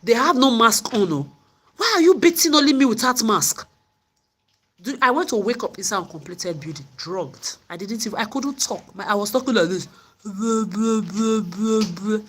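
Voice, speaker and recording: Angry woman ranting hoarsely. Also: on the low side, a bit bright. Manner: confrontational, ranting, repetitive. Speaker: vlogger. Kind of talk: angry monologue to camera.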